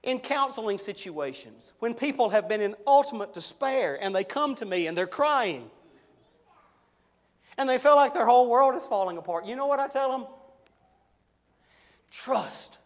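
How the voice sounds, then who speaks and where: A middle-aged man preaching a sermon, slowing and swelling on key words for emphasis. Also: extremely high pitch, expressive. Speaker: pastor.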